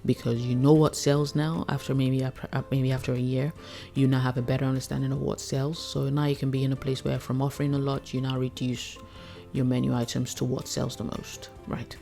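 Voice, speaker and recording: A woman's voice: rumbling low, level tone, brisk, vocal fry, mellow, soft background music. A woman chef coaching food business owners in a chatty, casual way, laughing often and acting out her customers. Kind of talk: casual teaching talk.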